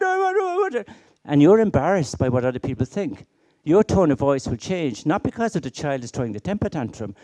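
Homem irlandês em palestra enfática. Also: male voice, a little high, mellow. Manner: rhetorical questions, emphatic, storytelling. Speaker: keynote speaker. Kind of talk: conference keynote talk.

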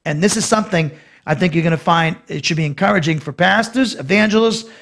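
High-pitched guy pastor teaching bible verse by verse, off the cuff, lots of restarts and repeats. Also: fast, gravelly, fairly bright tone. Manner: unscripted, explains Greek word by word, restarts and repeats words.

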